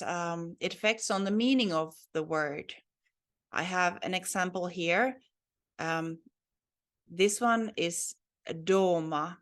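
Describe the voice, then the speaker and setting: Slow, low-voiced woman teaching a language. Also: fairly bright tone. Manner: patient, explanatory, with many fillers and restarts. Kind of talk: language lesson.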